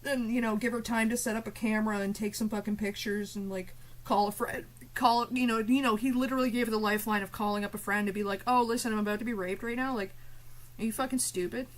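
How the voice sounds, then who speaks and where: A woman's voice: mid-range voice, steady tone, fast talker, rough recording. A woman streamer ranting live at her chat, swearing and confrontational, with biting sarcasm.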